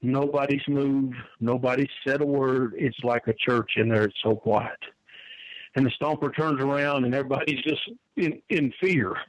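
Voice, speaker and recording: A man's voice: mid-range voice, normal speed, no echo, highs cut off. An older man, telling wrestling stories in a folksy way and often repeating his words. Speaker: wrestling manager guest. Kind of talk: storytelling interview answer.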